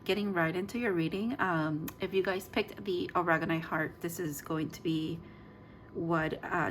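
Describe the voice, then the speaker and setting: Chatty woman tarot reader, low voice. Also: a little hiss or hum. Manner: chatty, rambling with many fillers and restarts. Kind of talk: casual tarot reading.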